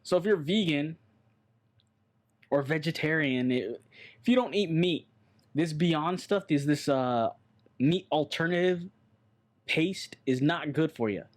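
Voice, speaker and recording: A man's voice: a little high, animated, unhurried, long pauses. A man co-hosting a casual podcast chat, rambling and blunt, swearing offhandedly. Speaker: podcast co-host.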